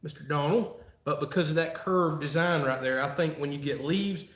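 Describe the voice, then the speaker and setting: On the high side and a bit bright, a man's voice moves at normal speed as he answers live chat on his channel. He's from Florida, USA, keeps the Q&A casual and folksy with frequent laughter, and the room echoes noticeably.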